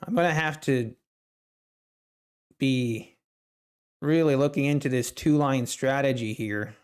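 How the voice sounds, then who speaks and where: A man's voice: mid-range voice, slow pace, darkish tone, clean tone. A man hosting a live trading stream, chatting casually with viewers and laughing often. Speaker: livestream trading host.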